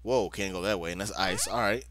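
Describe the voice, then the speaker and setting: With background noise and game music behind him, a young let's-play gamer talks briskly in a low-pitched voice, casually commenting on his play. He's talkative and playfully drawling, muttering to himself in exasperation.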